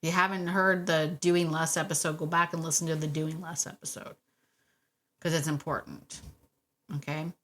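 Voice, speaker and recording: A woman hosting a solo podcast about dog training, chatty and warm, laughing often and repeating phrases for emphasis. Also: low voice, little pitch movement, moderate pace. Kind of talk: casual solo podcast talk.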